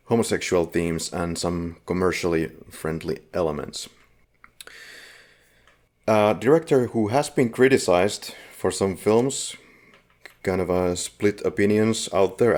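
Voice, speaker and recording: A man with a notably deep, low voice hosts a casual film podcast. He talks in a relaxed, conversational way, laying out background at length. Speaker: podcast host.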